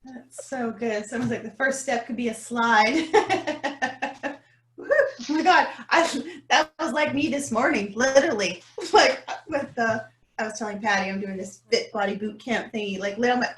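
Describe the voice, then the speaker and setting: Laughing high-voiced woman co-host, roomy. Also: moderate pace. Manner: laughing, animated storytelling with acted-out inner voice. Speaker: podcast co-host. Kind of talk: casual chat.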